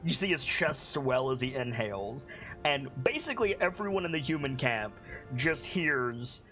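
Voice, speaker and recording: A young man narrating a tabletop game as game master, relaxed and full of fillers. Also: mid-range voice, moderate pace, soft background music. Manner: hesitant, lots of fillers, relaxed.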